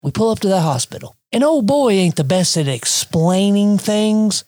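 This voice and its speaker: A man's voice: high-pitched, very animated, normal speed, a little mellow, dry recording. A young man telling a wild family story in casual chat, swearing and laughing as he goes.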